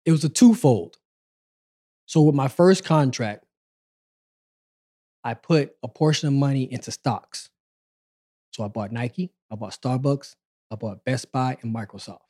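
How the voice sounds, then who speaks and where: A man in his forties, hosting a podcast and casually telling his life story in a relaxed, conversational way. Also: mid-range voice, a little slow, long pauses. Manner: relaxed, conversational, acts out quoted dialogue.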